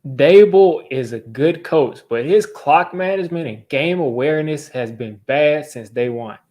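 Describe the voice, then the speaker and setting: A man's voice: a little high, lively intonation, a little slow, darkish tone. A young man hosting a sports fan channel, ranting in exasperation during a live football reaction, repeating himself as he vents.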